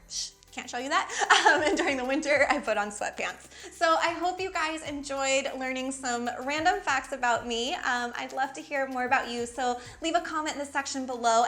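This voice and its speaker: A high, fairly bright voice belongs to a fashion blogger in her thirties who grew up in Miami, USA. She chats to camera in a Valley girl accent, casual and full of "like".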